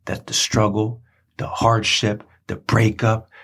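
Male podcast host, husky, earnest sermon-like delivery. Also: lowish voice, monotone, slow pace, fairly bright tone. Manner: earnest, preacherly, repeats phrases for emphasis. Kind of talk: personal storytelling monologue.

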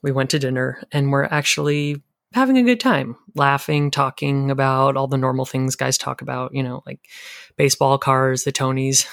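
A man's voice: medium pitch, steady tone, moderate pace, gravelly, fairly bright tone, no room sound, studio quality. An actor playing a grieving man's brother who rambles awkwardly and gets defensive. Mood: rambling.

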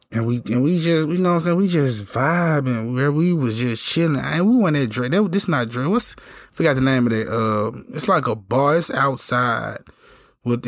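A hoarse man telling a story in a casual, slangy, laid-back way. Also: medium pitch, no echo, studio quality. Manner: laid-back slangy talk, lots of "you know what I'm saying". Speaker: podcast host telling a story.

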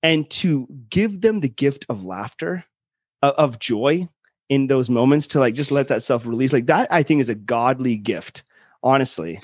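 A man on a podcast telling a prank story with lively quoted voices. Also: mid-range voice, moderate pace, no room sound, clean studio sound. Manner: animated storyteller, acts out quotes. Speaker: guest. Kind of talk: casual storytelling chat.

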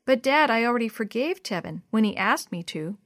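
A woman voicing a thoughtful, sensitive young girl in a storybook, reading softly and earnestly. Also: a little high, expressive, a little fast.

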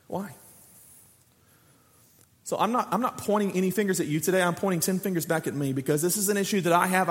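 A man around forty, a pastor preaching a sermon with lively storytelling, acting out the voices in his stories. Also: high-pitched, big-room sound. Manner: lively storytelling preacher who acts out quoted dialogue.

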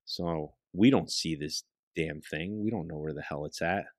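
A man, a guest on a talk show, telling a hunting story in a casual, profane, animated way and often dropping his voice to a hush. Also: a bass voice, normal speed, no room sound. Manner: profane, animated storyteller who drops into hushed tones.

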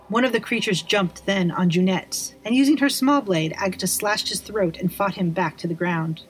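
A woman narrating a dark first-person story in a measured, dramatic reading. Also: medium pitch. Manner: measured, slowing on dramatic lines.

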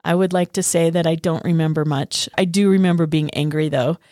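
A woman's voice: low-pitched, fairly even intonation, brisk, mellow, dry recording. Wry woman podcaster, dry close sound. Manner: wry, self-deprecating storytelling. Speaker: podcast co-host. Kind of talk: casual podcast chat.

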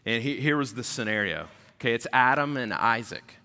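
A man, preaching a sermon in a casual, animated storytelling way. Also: medium pitch, a little fast. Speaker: pastor. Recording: long hall reverb.

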